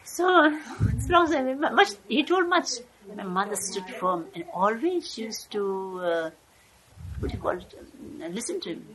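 A woman's voice: on the high side, sing-song, normal speed, fairly bright tone, poor audio. An older woman telling a family story in a rambling way, often stopping to search for words. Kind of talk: personal storytelling. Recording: crowd chatter in background.

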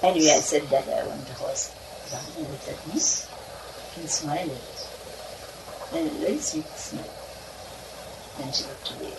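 A woman's voice: low-pitched, moderate pace, pauses often. A woman telling a personal story from her childhood in a casual, meandering way, often laughing between lines. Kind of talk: casual spoken reminiscence. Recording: distant mic with clear background noise.

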